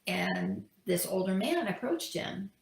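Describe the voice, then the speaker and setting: A woman's voice: medium pitch, huge pitch swings, takes it slowly, echoey room, slight background noise. A woman speaker telling a story to her audience in a casual, chatty way. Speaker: speaker, teacher. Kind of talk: storytelling talk.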